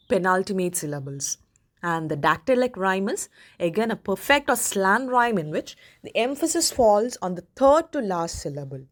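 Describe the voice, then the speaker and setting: A woman tutor from India, giving an exam-prep lecture that reads out definitions and then says example words slowly. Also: mid-range voice, animated.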